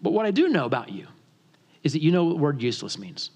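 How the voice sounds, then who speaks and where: A man from the northern United States preaching a sermon as pastor, telling a story with animated humor. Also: fairly high pitch, quick pace, slightly rough.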